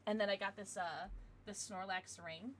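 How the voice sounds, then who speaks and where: A woman's voice: medium pitch, fairly even intonation, normal speed, a bit bright, slight background noise. A young woman streaming casually from home, gushing over gifts and baby-talking to her dogs between chats with viewers. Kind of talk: casual livestream chat.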